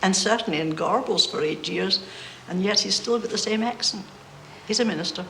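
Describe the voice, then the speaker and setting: A woman's voice: mid-range voice, a little fast, fairly bright tone. Genteel woman in an echoey room. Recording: echoey room, faint hiss.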